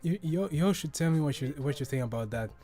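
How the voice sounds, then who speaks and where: A man's voice: on the high side, lively intonation, brisk, dark tone, soft background music. A man from Africa hosting a casual solo podcast, rambling and swearing freely, with frequent stumbles and restarts. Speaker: podcast host.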